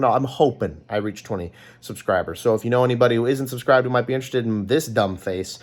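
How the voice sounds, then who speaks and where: A man with a Californian American accent talks through a casual vlog sign-off. He rambles and often stops to correct himself, with plenty of ums along the way. His voice sits in an ordinary middle pitch. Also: a little mellow. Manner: rambling, chatty, with frequent ums and self-corrections. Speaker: vlogger.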